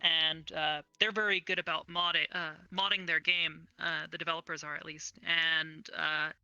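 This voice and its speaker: A woman's voice: deep voice, level tone, normal speed, sharp tone, smooth, no room sound, muffled recording, soft background music. A young woman speaking as an interview guest in casual chat, earnest and enthusiastic, on an online voice call.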